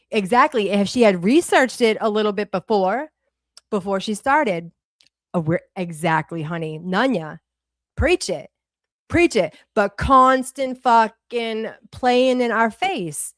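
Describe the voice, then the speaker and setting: Boston woman, 40s, profane ranting co-host, mid pitch, dry close mic. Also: a little slow, no echo. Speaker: livestream co-host. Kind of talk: heated casual commentary.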